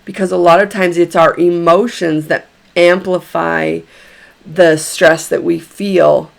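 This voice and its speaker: Slow, gravelly woman leading a tapping session. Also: on the low side, fairly even intonation. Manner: slow, emphatic repetition of phrases; gentle, encouraging instruction. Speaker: tapping therapy guide.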